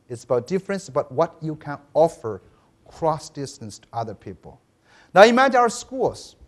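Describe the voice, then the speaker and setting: Lively high-voiced man giving a lecture. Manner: lively storytelling, asks the audience "right?", frequent restarts. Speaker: education professor giving a keynote. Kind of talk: conference lecture. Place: conference hall.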